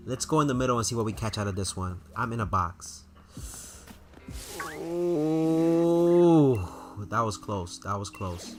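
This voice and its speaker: A chatty male streamer talks loosely to his live chat, laughing now and then. His voice sits fairly low. Faint game music plays underneath. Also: brisk, hardly any pauses, fairly bright tone. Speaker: gaming streamer.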